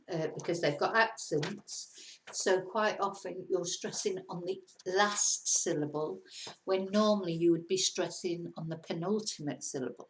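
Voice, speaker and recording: A woman teaching a casual video lesson, chatty and encouraging, now and then laughing at herself. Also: on the low side. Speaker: Spanish teacher. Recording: roomy echo.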